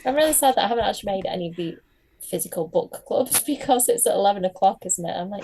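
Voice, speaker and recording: A woman's voice: medium pitch, fast talker, mellow, slight background noise, low-quality recording. A British woman who is a guest author, chatting casually and laughing often. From Britain. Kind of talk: casual chat.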